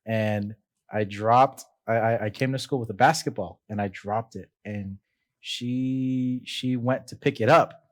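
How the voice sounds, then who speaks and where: A young adult man hosting a casual faith podcast, earnest and reflective, often halting and restarting as he shares a personal story. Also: mid-range voice, steady tone. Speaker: podcast host.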